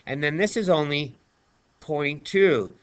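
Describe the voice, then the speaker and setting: A man's voice: fairly high pitch, takes it slowly, clear, resonant tone. A male math teacher talking through a screen-recorded lesson in a chatty, playful way, chatting to himself as he writes.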